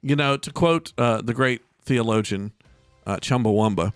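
A man's voice: medium pitch, no room sound, soft background music. A middle-aged man hosting a casual faith podcast, joking and often restarting his sentences. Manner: joking, halting with many restarts. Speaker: host. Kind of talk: casual Christian podcast chat.

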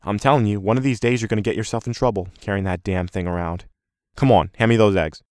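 A man voicing a brisk, knowing wife and mother who chides and teases. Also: on the low side, darkish tone, clean tone, dry recording, clean studio sound, lightly acted. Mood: scolding.

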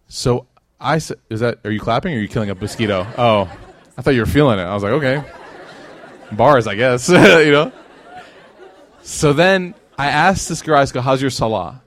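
A man's voice: mid-range voice, dry recording. A man giving a religious lecture to a live audience, conversational and joking, acting out the people in his stories. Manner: conversational and joking, with animated quoted voices.

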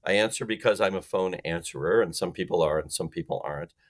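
A man appears as a guest expert on a sales podcast, explaining things emphatically and acting out phone calls in different voices. He has a deep voice and a quick pace.

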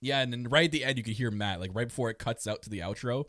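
A man's voice: mid-range voice, fast talker, dry recording, clean studio sound. A man co-hosting a podcast, chatting casually about wrestling, laughing a lot and acting out quotes. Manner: laughs often, animated, acts out quotes. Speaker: podcast co-host. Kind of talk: casual wrestling recap chat.

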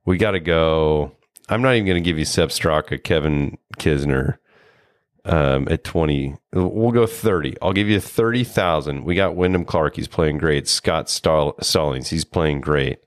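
A man with a very deep voice co-hosting a casual golf podcast. He is easygoing and upbeat, teasing his friend along. The sound is dry and close, with little room. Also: a little slow, no echo. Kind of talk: casual chat.

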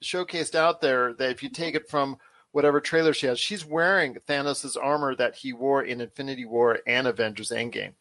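A man's voice: mid-range voice, brisk, fairly bright tone, no echo. A man hosting a casual podcast chat, talking in an enthusiastic, rambling way with frequent restarts. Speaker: show host.

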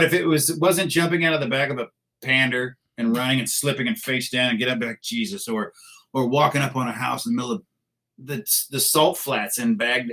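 A man's voice: mid-range voice, low-quality recording. A man who is a military veteran, telling crude war stories in casual talk, laughing as he goes. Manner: crude, laughing, animated storyteller. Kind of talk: casual storytelling.

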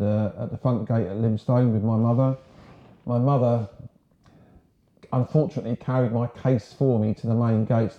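A man in his sixties from Sussex, England, a former marine telling his story in a casual, frank, rambling way. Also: on the low side. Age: 60s. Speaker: guest, ex-marine. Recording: roomy, dull lo-fi sound.

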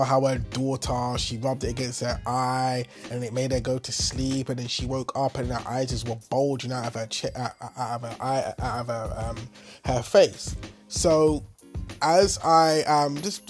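A man from the Caribbean with a bad cold, telling a rambling, animated story in a casual, slangy vlog from his bed. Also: mid-range voice. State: sick with a cold. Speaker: vlogger. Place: in bed at home.

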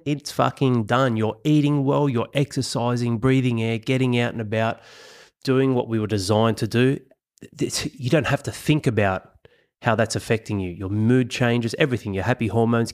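A man's voice: medium pitch, a little mellow. A man hosting a motivational podcast, talking bluntly and swearing for emphasis. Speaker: podcast host. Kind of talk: motivational monologue.

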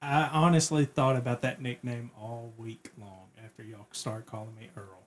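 Man, podcast co-host, easygoing, casual chat, mid pitch. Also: flat delivery, moderate pace. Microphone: podcast microphone.

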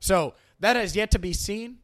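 A man's voice: sits high, normal speed, a bit bright. A man hosting a sports podcast, analyzing his team and arguing with imagined critics, often repeating himself as he starts a thought. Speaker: podcast host.

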